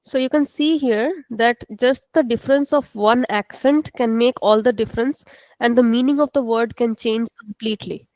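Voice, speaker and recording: Over a video call, a woman teaching Portuguese online takes it slow and patient, repeating words so students can follow. She's on the high side with a darkish tone, and the poor-quality audio has no echo.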